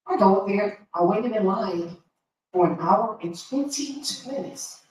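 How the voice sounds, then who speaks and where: A woman's voice: a little high, lively intonation, moderate pace, darkish tone, slight background noise. A woman school board trustee speaking with emotion, direct and frustrated, at a board meeting. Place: large meeting room. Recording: echoey hall from far off.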